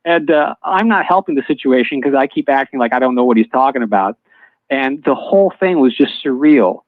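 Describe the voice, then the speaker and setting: A man telling a personal story as a guest in casual chat, halting, with many fillers and restarts. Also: mid-range voice, expressive, dry recording. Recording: dull lo-fi online audio stream.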